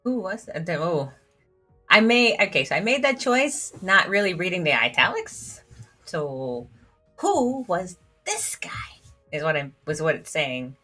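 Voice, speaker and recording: Lower-pitched, bright woman gamer reading story dialogue, giggly and self-mocking. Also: lively intonation, measured pace, soft background music. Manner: giggly, self-deprecating, reads dialogue aloud. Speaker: gamer reading all the game's characters. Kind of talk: let's play commentary.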